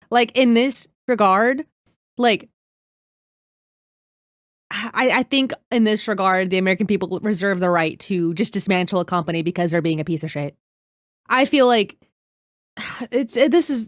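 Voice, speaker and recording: A woman's voice: medium pitch, no room sound, clean studio sound. A young woman streaming a reaction video, talking heatedly, swearing and greeting her chat by name. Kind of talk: casual live-stream reaction.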